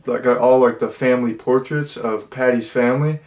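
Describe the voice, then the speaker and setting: A man's voice: mid-range voice, steady tone, a little fast, darkish tone. A man giving a casual spoken movie review, rambling, with many fillers and false starts. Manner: rambling, full of fillers and restarts.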